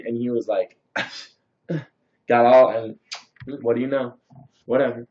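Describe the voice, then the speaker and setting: A man's voice: medium pitch, fairly even intonation, slow, pauses often. A young man casually rambling through a story and reading out viewer comments on a livestream, with lots of fillers. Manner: answers viewer comments and thanks them. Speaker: livestream host. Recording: dull lo-fi stream audio.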